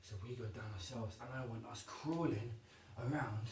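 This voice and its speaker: A man's voice: mid-range voice, moderate pace, slight background noise. A male PE teacher leading a home exercise lesson for young children, upbeat and encouraging as he demonstrates each move. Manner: upbeat, encouraging, demonstrating moves while talking. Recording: roomy echo, voice from a distance.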